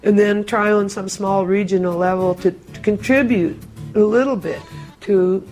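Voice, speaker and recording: A woman's voice: medium pitch, darkish tone, soft background music. Woman guest chatting and telling a joke, laughs a lot, stops and restarts. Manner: chuckling, halting restarts. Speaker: interview guest, musician. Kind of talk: relaxed conversation and joke-telling.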